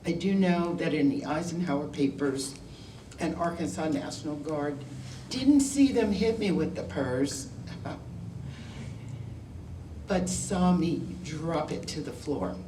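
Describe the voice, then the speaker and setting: An older woman, a guest speaker, gives a candid, wry talk to a school class, telling her own story conversationally. Her deep, dark voice has lively intonation and a slow pace, with a little hiss or hum. The distant mic makes the sound roomy.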